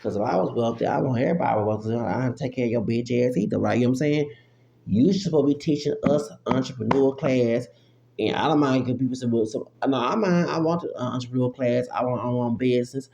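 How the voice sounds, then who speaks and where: A man's voice: mid-range voice, fast, creaky, dark tone, dull audio. A man delivering an unfiltered, profane rant into a phone app, repeating himself and breaking into exclamations. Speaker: vlogger. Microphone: phone app recording. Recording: roomy echo with faint hum.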